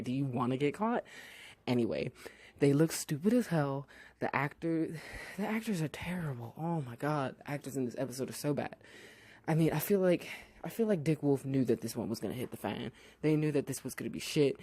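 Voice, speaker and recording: Podcast reviewer, warm low-brightness tone, dry recording, casual profane recap, sarcastic asides. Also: no echo. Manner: blunt, sarcastic asides, heavy swearing; drawn-out, animated voices when quoting characters.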